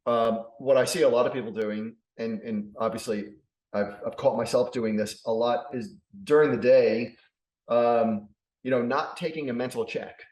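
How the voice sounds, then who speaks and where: A man talks in a casual conversation, pausing and restarting his sentences often. His voice sits in the middle range. The recording carries a noticeable roomy echo. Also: mid-range voice, fairly even intonation, a little mellow. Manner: hesitant, many fillers and restarts.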